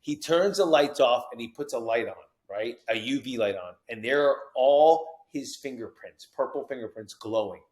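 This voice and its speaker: A man from New Jersey, a podcast guest telling his story with animated energy and acted-out quotes. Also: medium pitch, moderate pace, few pauses. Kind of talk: storytelling interview.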